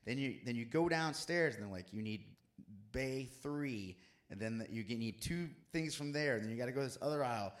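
A man co-hosting a casual church chat, an animated and playful storyteller. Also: mid-range voice, a little fast. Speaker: co-host.

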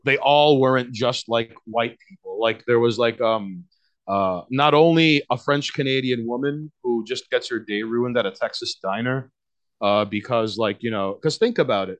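Picture a man with a New York accent, holding forth as a guest on a casual podcast. His voice sits in an ordinary middle pitch. He rambles through stacks of fillers and false starts, swearing freely as he goes. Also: normal speed, lo-fi sound. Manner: rambling, many fillers and restarts, frequent swearing.

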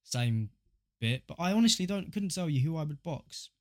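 A young man trades banter on a podcast, his pitch swinging up and down as he spins animated stories. He swears freely and laughs his way through the chat. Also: moderate pace. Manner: joking, swearing, animated storytelling. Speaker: podcast co-host.

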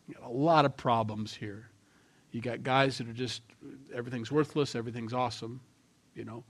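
A man preaching a sermon in a conversational tone, swinging between loud emphasis and quiet asides. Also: medium pitch, fairly even intonation, a little fast. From Norwegian heritage. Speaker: pastor.

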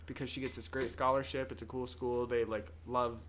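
Young male co-host, bright voice, loose swearing storyteller, faint hiss behind. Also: mid-range voice, level tone, fairly quick. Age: young adult. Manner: rambling, profane storytelling with frequent laughs. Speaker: podcast co-host. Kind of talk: casual chat.

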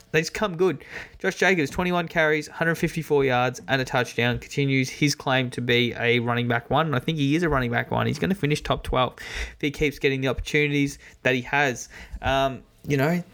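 Animated joking man hosting a sports podcast. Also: mid-range voice. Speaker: podcast host. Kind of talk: casual sports commentary monologue.

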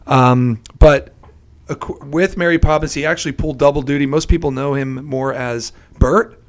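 A man co-hosting a podcast, telling film trivia in a relaxed, chatty way with fillers. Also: mid-range voice, moderate pace. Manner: chatty storyteller, many fillers and laughs. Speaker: podcast co-host.

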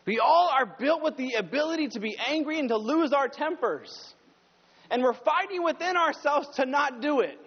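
High-voiced pastor preaching in a reverberant hall. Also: male voice, expressive, moderate pace. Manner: conversational preaching, rises high and loud when pressing a point. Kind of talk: sermon. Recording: dull sound with long hall reverb.

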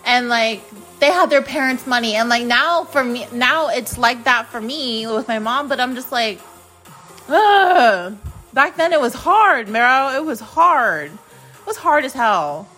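With a slightly high, expressive voice and a sharp tone, a US woman in her late twenties talks at a measured pace on her podcast. Soft background music plays as she tells frank, casual solo stories about freshman year, swearing freely along the way.

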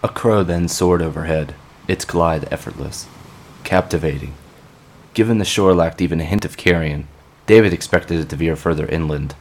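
A man giving scripted narration for an audio drama in a measured, grim storytelling manner. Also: low voice.

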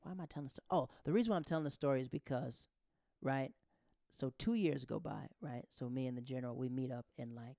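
A man's voice: mid-range voice, fast, creaky, dry recording, clean studio sound. A man in his thirties doing stand-up, telling rambling stories that interrupt themselves. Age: 30s. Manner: rambling, self-interrupting, animated. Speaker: stand-up comedian. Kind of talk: stand-up storytelling.

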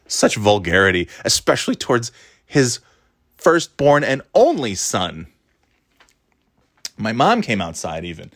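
A man in his thirties hosts a loose, casual podcast chat. His voice sits on the low side. He restarts sentences often, swears freely and laughs at his own story. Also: fairly bright tone. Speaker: podcast host.

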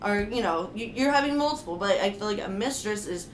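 A woman's voice: medium pitch, animated, a little fast. A young adult woman co-hosting a podcast, talking emphatically in a casual chat with lots of fillers. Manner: chatty, emphatic, many fillers. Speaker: podcast co-host. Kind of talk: casual chat about a book. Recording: roomy echo, faint hiss.

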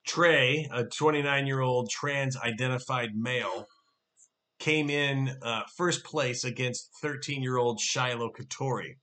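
Bright-voiced sarcastic male co-host. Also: mid-range voice, measured pace. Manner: sarcastic, mocking asides. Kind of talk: casual political chat.

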